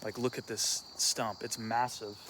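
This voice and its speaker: A man's voice: lowish voice, flat delivery, unhurried, very noisy. A man vlogging casually on a wooded hillside as he walks, talking in a loose, rambling way with restarts. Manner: rambling, casual, self-interrupting. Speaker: vlogger and punk musician. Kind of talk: casual walk-and-talk vlog. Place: outdoors on a wooded rural hillside.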